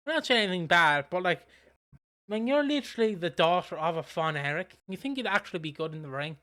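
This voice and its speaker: A man with a fairly high, bright and very clear voice, talking casually as a podcast co-host. He rambles, restarts his sentences, and swears without a second thought. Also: animated, fast. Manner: rambling, lots of fillers and restarts, swears freely. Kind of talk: casual chat reviewing wrestling.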